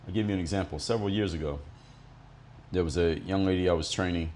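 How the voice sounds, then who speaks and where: A man's voice: sits low, steady tone, fast talker, a little mellow, a little hiss or hum. A middle-aged man from Miami talking solo as a podcast host, telling stories bluntly, with some swearing. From Miami, United States. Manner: blunt, profane, explanatory. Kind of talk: monologue storytelling.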